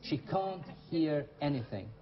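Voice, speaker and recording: A male English teacher and show host runs a classroom lesson on TV from a studio, asking his students questions and echoing their answers. He speaks at a measured pace in a voice on the high side with big pitch swings, and the highs are cut off.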